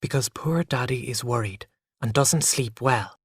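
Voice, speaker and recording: A man voicing a patient, gentle mother who speaks softly and soothingly, in a graded reader story. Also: medium pitch, a little slow, husky, no room sound, clean studio sound. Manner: soft, hushed, soothing.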